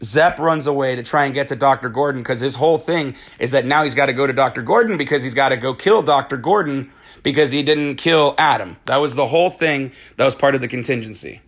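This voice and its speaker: A man casually retelling a film's plot, excitable and swearing freely, acting out the characters' lines as he goes. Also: medium pitch, brisk. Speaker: movie recap host. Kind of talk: casual spoiler-filled movie recap.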